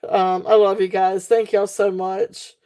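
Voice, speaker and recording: A woman's voice: mid-range voice, flat delivery, measured pace, warm tone. A woman hosting a casual live jewelry sale, chatty and laughing often, with many fillers and restarts. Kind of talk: casual live-stream sales chat.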